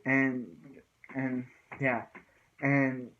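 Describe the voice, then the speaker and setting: A man's voice: mid-range voice, little pitch movement, drawn-out words, highs cut off. A man casually recapping TV fight scenes, rambling with filler words and sound effects. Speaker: show recap vlogger.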